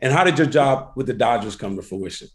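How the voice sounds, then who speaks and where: A man's voice: medium pitch, expressive, fast. A man co-hosting an interview, asking questions with restarts and reacting briefly. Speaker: co-host.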